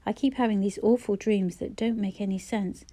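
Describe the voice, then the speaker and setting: A woman's voice: medium pitch, steady tone, moderate pace, dark tone, lightly acted. A woman reading a wry, flu-sick woman. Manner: dry, wry humour. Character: woman, ill with flu, wry and self-mocking.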